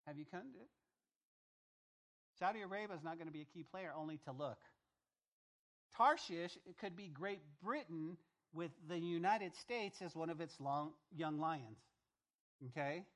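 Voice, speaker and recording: A man's voice: a little high, normal speed, a bit bright. Emphatic man teaching a sermon. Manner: emphatic, rhetorical questions, repeats phrases; talks directly to the congregation. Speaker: pastor. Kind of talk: sermon-style Bible teaching.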